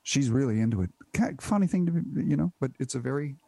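A man's voice: medium pitch, lively intonation, quick pace, gravelly, warm tone, no room sound. A man from Canada in casual comedic chat, tossing in crude wisecracks. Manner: wisecracking, crude one-liners.

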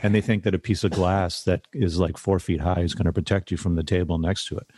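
Middle-aged male host, casual storyteller, low pitch, dry close mic. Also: fairly even intonation, fast talker, a little mellow, no room sound. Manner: rambling, storytelling with fillers. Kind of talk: casual group chat.

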